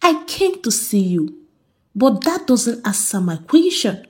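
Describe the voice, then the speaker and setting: A woman's voice: a little high, very animated, slow, a little mellow. A woman doing a haughty ex-girlfriend. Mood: indignant.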